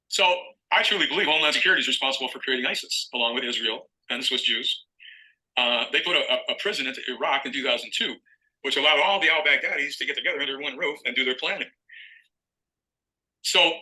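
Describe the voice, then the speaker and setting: A man's voice: medium pitch, sharp tone, rough recording. A middle-aged man telling a long story in an interview as a guest author, acting out phone calls as he goes.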